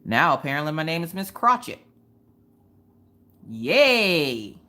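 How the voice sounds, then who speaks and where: A woman hosting a casual crafting livestream, telling stories in an animated, slangy way and talking straight to her chat. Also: low voice, slow. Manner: animated storytelling, quotes people in different voices. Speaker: livestream host.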